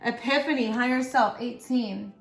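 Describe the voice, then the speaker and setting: A woman's voice: a little high, normal speed, soft background music. A woman giving a casual pick-a-pile tarot reading, chatty and encouraging, talking straight to her viewers. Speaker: tarot reader. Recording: echoey room with faint background noise.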